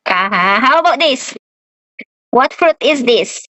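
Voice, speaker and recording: A young woman teaching a beginner English lesson to a child, repeating words slowly and laughing often. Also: high-pitched, expressive, sharp tone, no echo, highs cut off.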